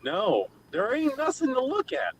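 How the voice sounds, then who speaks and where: A man's voice: very high-pitched, huge pitch swings, a little slow, distant mic, crowd noise. A man from Puerto Rico, co-hosting a casual online chat show, joking and emphatic. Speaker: podcast co-host.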